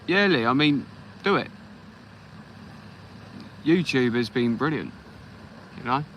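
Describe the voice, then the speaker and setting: A man's voice: mid-range voice, lively intonation, slow pace, fairly bright tone, a little hiss or hum, low-quality recording. An English man hosting a fishing livestream from the beach, chatting easily and greeting viewers by name. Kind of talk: casual live chat while fishing. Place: beach outdoors at night.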